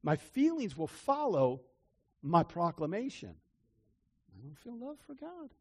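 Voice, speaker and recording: An older man preaching a personal testimony, earnest and repetitive, swinging between loud declarations and hushed confessions. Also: sits high, huge pitch swings, measured pace, slightly rough. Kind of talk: testimony-style sermon.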